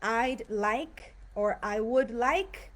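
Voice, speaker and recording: A woman's voice: a little high, drawn-out words, a bit bright. A woman teaching English grammar in a live online class, explaining patiently and acting out example sentences in different tones. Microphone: video call.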